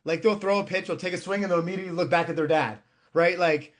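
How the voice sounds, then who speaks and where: A man's voice: high voice, steady tone, fast. A man in his thirties, a youth baseball coach and podcast guest, talking bluntly and profanely in casual chat. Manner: blunt and profane, heavy on filler words.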